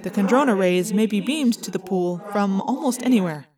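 A woman voicing a stubborn, formal alien warrior in an audiobook, with measured phrasing. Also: mid-range voice, lively intonation, crowd noise, lightly acted. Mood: explaining. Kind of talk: audiobook character voice.

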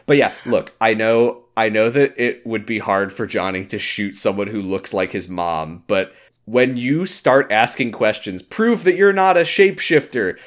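A man's voice: lowish voice, unhurried. An American man co-hosting a casual podcast chat, acting out scenes in put-on voices. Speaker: podcast co-host.

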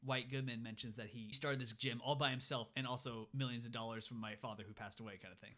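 A man casually recapping a movie with a friend on a podcast, animated and quick to act out lines. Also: medium pitch. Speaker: podcast co-host.

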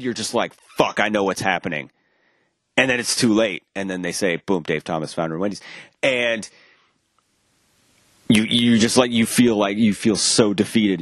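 A man with a lowish voice spins a rambling anecdote in casual chat. He acts out the voices of the people in his story, stumbling over restarts and dropping the occasional curse. The sound is dry and close, with no room around it. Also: breathy edge, no room sound. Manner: animated, acts out quoted dialogue; rambling with frequent restarts and profanity.

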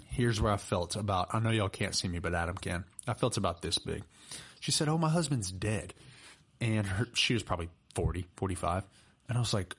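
Man, young adult, lowish voice, casual podcast storyteller. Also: normal speed, slightly rough. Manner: chatty, animated storyteller with laughs and fillers. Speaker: personal trainer and podcast co-host.

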